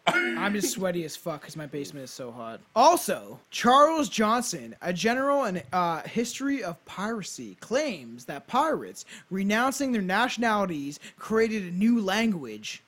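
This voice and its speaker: High-voiced man hosting a casual podcast. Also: sing-song, moderate pace, fairly bright tone. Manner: reads facts aloud with offhand swearing asides. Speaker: podcast host. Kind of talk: casual chat reading history notes. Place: hot home basement.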